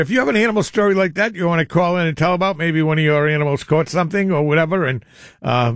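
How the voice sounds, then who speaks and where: Older male radio host, fairly high voice, rambling and chuckling, dry studio sound. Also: dry recording. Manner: rambling storyteller, chuckles often. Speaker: radio call-in show host. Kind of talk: casual radio chat.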